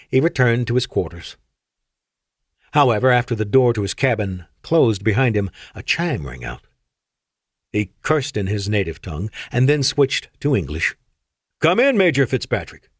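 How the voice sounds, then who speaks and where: A man narrating an audiobook in an expressive storytelling manner. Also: fairly low pitch, moderate pace, no echo, clean studio sound. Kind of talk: scripted narration.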